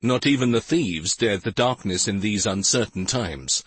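A man narrating an audiobook in an expressive, dramatic storytelling manner, close to the microphone. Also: on the low side, moderate pace, slightly rough. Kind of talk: scripted narration. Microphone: close studio mic.

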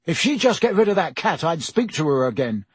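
Guy voicing sulky blunt teen boy, raised voice, a bit husky. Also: a little high, big pitch swings, moderate pace, fairly bright tone, dry recording, pitched above the performer's own voice, full character voice. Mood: angry. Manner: grumbling, blunt. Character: sulky stubborn teenage boy, hot-tempered.

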